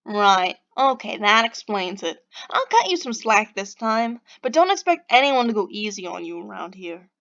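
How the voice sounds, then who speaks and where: A woman's voice: very animated, moderate pace, hardly any pauses, fairly bright tone, muffled recording. A woman voicing a rude, pushy young man from Boston in a game, with a nasal, strained voice and a put-on Boston accent. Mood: condescending. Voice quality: nasal, lilting, forced deeper and strangled. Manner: brash, confrontational, talkative.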